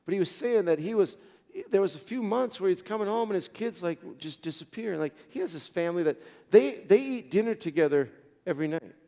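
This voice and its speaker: An earnest male pastor preaching a sermon, telling stories with many restarts. His voice sits a little high and has a gravelly fry. The sound carries the long reverb of a large hall. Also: lively intonation, a little fast, hardly any pauses, mellow.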